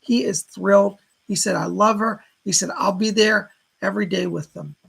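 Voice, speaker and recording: Male psychic medium, very gravelly, raspy, live-stream reader. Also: high-pitched, moderate pace, a bit bright, low-quality recording. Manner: relays spirit messages as quotes, thanks donors by name.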